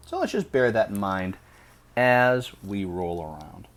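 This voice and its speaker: Guy teaching phonics, sounds out every word real slow and careful. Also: fairly low pitch, sing-song, fairly bright tone. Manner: slow, deliberate sounding out of words. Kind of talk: phonics lesson.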